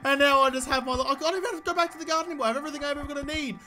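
A young man with a very high, bright, forceful voice. His playful commentary giggles and jumps between hushed scheming and loud outbursts. Game music plays softly behind him. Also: rapid-fire. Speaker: gaming YouTuber. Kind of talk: gameplay commentary.

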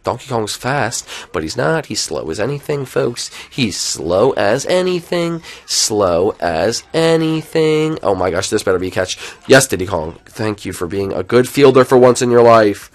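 A young man commentating his own live video game stream, chatty and excitable, swinging from loud outbursts to low muttering. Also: a little fast, few pauses.

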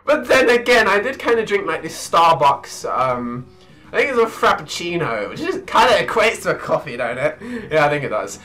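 A young man giving hyper, excitable gameplay commentary, often breaking into shrieks and laughter. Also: on the high side, normal speed, soft background music, rough recording. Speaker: let's play gamer.

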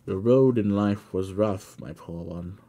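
A man reading a classic novel aloud, voicing a gentle old father who pleads as he confesses. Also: sits low, measured pace. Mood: pleading. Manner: pleading, tender.

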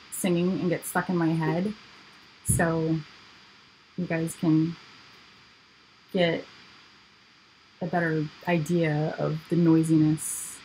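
A woman's voice: fairly low pitch, slight background noise, poor audio. A woman artist hosting a live painting stream, chatting casually and goofily to herself while she works.

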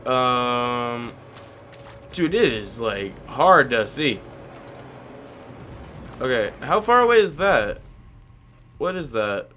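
A man's voice: medium pitch, very animated, slow pace, long pauses, sharp tone, slight background noise. A man casually commenting on his own gameplay as a video host, rambling and talking to himself, with a cracky voice that breaks now and then. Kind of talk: casual let's-play commentary.

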